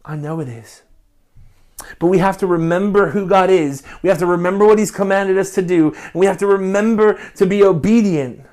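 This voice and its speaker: A man, a pastor preaching a passionate sermon that swings from quiet reflection to loud appeals. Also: sits high, brisk. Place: church recording during lockdown.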